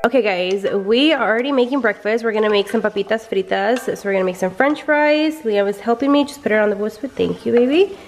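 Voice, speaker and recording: A woman's voice: a little high, fast, hardly any pauses. Chatty woman with a stuffy nose. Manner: chatty, lots of "like" and "guys". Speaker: family vlogger. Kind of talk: casual vlog chat.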